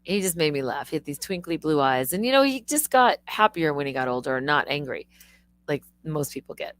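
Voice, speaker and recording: A middle-aged woman hosting a live stream, telling stories in a rambling, animated way with swearing and restarts. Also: low voice, fairly quick, no echo. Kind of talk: casual live-stream monologue.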